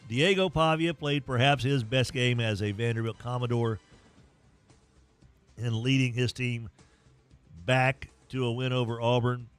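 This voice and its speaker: A man's voice: mid-range voice, steady tone, a little slow, long pauses, clear, resonant tone, soft background music. A man hosting a sports talk show, folksy and joking as he rambles through scores and a sponsor read. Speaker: sports talk radio host.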